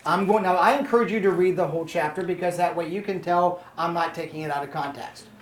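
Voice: medium pitch, fast, echoey room, a little hiss or hum. A Bible study teacher reading verses to a small group and explaining them, often stopping to check that the listeners are following.

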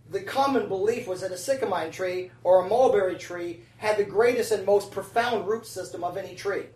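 A preacher giving a sermon in a chatty, conversational way, often checking in with the congregation with "right?" and "amen?". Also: medium pitch. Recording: roomy sound from a distant mic.

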